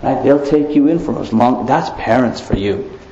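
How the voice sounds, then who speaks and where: A man giving an Islamic lecture, animated, asking rhetorical questions and tossing in playful asides. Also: medium pitch, moderate pace. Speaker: preacher. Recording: echoey muffled room recording.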